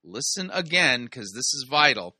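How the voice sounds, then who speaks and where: A man's voice: medium pitch, big pitch swings, moderate pace, sharp tone, slightly rough, no room sound. A man hosting a sermon review, giving casual commentary with wry, sarcastic asides and explaining the Greek text.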